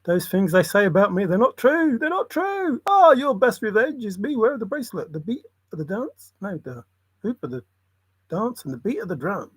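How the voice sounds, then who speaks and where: A man's voice: high-pitched, big pitch swings, moderate pace, husky, dry recording. A man rambling in a solo monologue, muttering to himself and breaking into sudden exclamations. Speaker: channel host.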